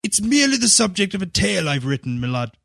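A man's voice: sits high, very animated, fast talker, vocal fry, a bit bright, dry recording, studio quality, voice pushed up, heavily acted. A man voicing a self-deprecating male author who talks hesitantly and apologetically.

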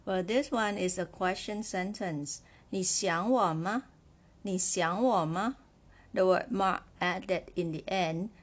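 A woman gives a Chinese lesson at an unhurried pace, her voice sitting a little low. She explains patiently step by step, repeats each example phrase, and keeps checking in with "right?". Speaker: Chinese language teacher. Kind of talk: slow, patient spoken lesson.

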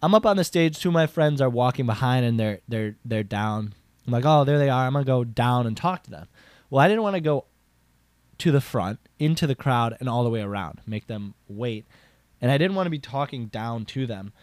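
A young man hosting a podcast, telling a casual story with lots of filler words and restarts, getting animated for emphasis. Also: moderate pace, dry recording. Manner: rambling, filler-heavy with frequent "like" and restarts; animated, jumps up in pitch for emphasis. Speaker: podcast host.

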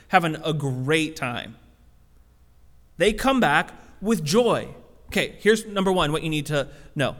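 A man preaching a sermon as pastor, in a conversational, animated way full of casual fillers. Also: high voice, big-room sound.

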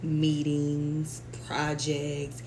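A woman co-hosting a podcast who tells workplace stories in an animated way, swearing freely. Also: sits low, extremely slow, low-quality recording. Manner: animated, profane storytelling. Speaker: podcast co-host. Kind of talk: casual chat. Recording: faint background noise.

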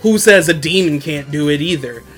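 A man's voice: fairly high pitch, moderate pace, fairly bright tone, soft background music, natural voice. A man retelling as a sneering demon. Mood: gloating. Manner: casual retelling with slang. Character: gross tentacled male demon, sneering and menacing.

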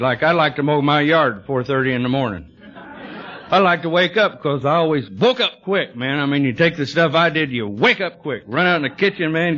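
A man's voice: mid-range voice, a bit bright. Drawling man spinning dry yarns. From Texas. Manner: dry, drawling humor with frequent "you know". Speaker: recovery speaker. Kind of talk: storytelling talk to an audience. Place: meeting hall with audience. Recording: dull lo-fi 1980s tape recording.

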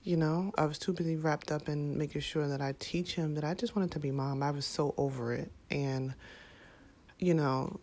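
Talking to camera, this parent vlogger sounds heartfelt and casual, pausing to reflect and often stumbling through fillers and restarts. She has a low voice whose tone is steady and darkish.

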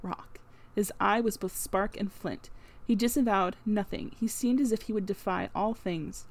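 A woman narrating a classic novel in an even, unhurried storytelling voice. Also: mid-range voice. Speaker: audiobook narrator. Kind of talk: scripted narration.

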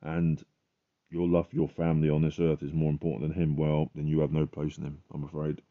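A man's voice: extremely low pitch, completely flat delivery, brisk, narrow, tinny audio. A man hosting a podcast, giving a fervent, emphatic religious testimony.

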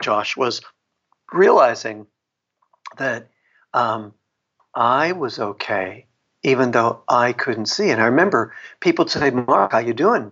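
A middle-aged man, a book author, tells a personal story in a reflective way, laughing often and restarting his sentences. His voice is husky and sits at a middle pitch. The recording sounds dull and lo-fi. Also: sharp tone. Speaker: author and guest. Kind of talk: storytelling in a podcast interview.

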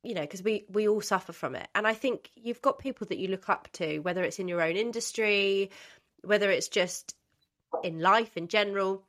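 A woman with a mid-range voice hosts a relaxed podcast conversation. She is enthusiastic and chatty, peppering her speech with "like" and "you know". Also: mid-range voice, normal speed. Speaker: podcast host. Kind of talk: casual podcast interview.

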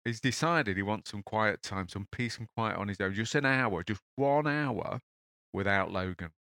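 A man hosting a podcast, chatty and animated, telling a story off the top of his head. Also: fairly low pitch, normal speed, dry recording, clean studio sound. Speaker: podcast host. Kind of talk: casual podcast talk and storytelling.

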